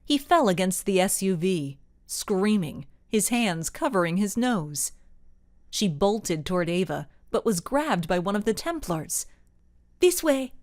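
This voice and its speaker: A woman narrates a children's mystery story with expressive, storytelling delivery. Her pace is slow and unhurried while her pitch moves lively through each sentence. The recording is dry and close, with no room sound. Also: no echo. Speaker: audiobook narrator. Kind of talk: scripted narration.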